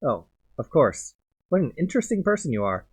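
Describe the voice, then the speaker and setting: A man voicing a kindly woman who leads a group of travelers in a video game and speaks in a gentle, soothing way. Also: fairly high pitch, very animated, a little fast, slightly rough, pitched above the performer's own voice. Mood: warm.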